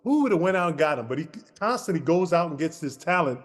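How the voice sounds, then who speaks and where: A man co-hosting a podcast, telling a lively basketball anecdote and acting out the dialogue. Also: on the high side, quick pace, in a large hall. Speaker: podcast co-host. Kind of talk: casual storytelling.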